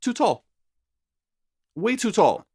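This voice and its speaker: A man co-hosting a podcast, rambling excitedly in casual chat with frequent restarts. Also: high voice, slow, breathy edge, dry recording, studio quality. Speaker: podcast co-host.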